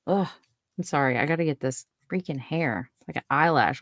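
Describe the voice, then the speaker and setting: A woman's voice: sits low, lively intonation, unhurried, dry recording, clean studio sound. A young adult woman hosting a podcast, giving a casual spoken update in a rambling, giggly way that keeps interrupting itself. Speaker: podcast host.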